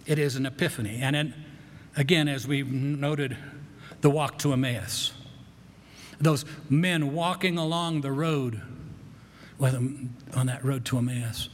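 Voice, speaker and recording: A man preaching a sermon in a relaxed, folksy way, often repeating words as he talks. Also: medium pitch, unhurried, long pauses. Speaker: pastor. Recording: echoey hall.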